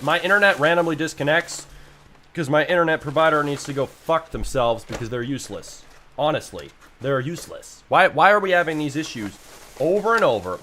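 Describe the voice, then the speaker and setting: A man's voice: a little high, fairly bright tone, slight background noise. A young man live-streaming, ranting about his internet in a frustrated, casual way and swearing freely.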